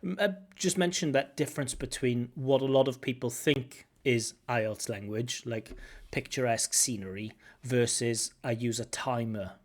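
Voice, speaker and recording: A man working as a language examiner, giving lively spoken feedback on a candidate's test, recorded over a video call. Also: mid-range voice, normal speed. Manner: animated, acts out intonation with singsong syllables.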